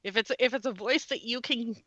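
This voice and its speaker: A woman co-hosting a tabletop gaming podcast in casual chat, bubbly and quick to agree. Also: fairly high pitch, bright, forceful tone, no echo, muffled recording. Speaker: podcast co-host, game master.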